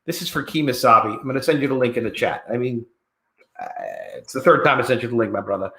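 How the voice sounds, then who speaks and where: A man's voice: medium pitch, quick pace, a bit bright, echoey room. A man hosting a casual livestream, greeting viewers in the chat by name and rambling from topic to topic. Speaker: livestream host.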